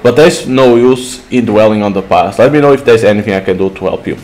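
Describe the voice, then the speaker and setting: A man's voice: fairly low pitch, fast, a little mellow, natural voice, rough recording. A man reading the lines of a friendly, upbeat young man.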